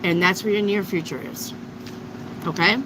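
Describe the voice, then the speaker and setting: A woman's voice: on the low side, fairly even intonation, moderate pace, noisy background. A woman giving a live tarot reading to viewers, blunt and emphatic, with frequent swearing. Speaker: tarot reader.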